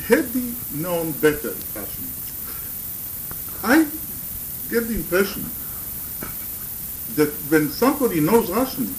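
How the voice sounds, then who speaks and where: A man interviewing, asking halting questions with frequent stammers and restarts. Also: sits high, big pitch swings, a little hiss or hum, poor audio. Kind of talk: recorded conversational interview.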